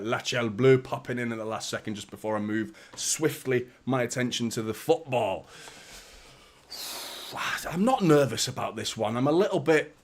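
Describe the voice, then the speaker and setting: Bloke streaming a footy watchalong, chatty, greets the chat, swears a lot, medium voice. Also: male voice, medium pitch. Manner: chatty, greets viewers by name, swears casually. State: a little out of breath. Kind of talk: casual live stream chat.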